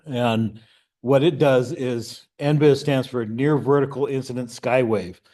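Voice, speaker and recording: Man, middle-aged, radio class instructor, conversational lecture, mid-pitched voice, checks in with listeners. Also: steady tone, measured pace, darkish tone. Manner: conversational, explains step by step with frequent "okay?" and "right?".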